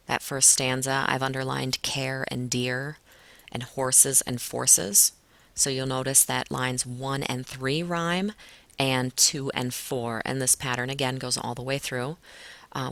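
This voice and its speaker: A woman teacher talking a class through a poem in a relaxed way, with frequent fillers. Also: a bass voice, no room sound. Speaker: English teacher. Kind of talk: recorded classroom lesson walkthrough.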